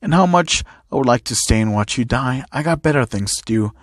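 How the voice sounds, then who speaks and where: A man's voice: medium pitch, expressive, brisk, no room sound, clean studio sound, close to an everyday voice. A man doing a taunting masked villain. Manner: taunting, mocking. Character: sneering masked male villain seeking revenge.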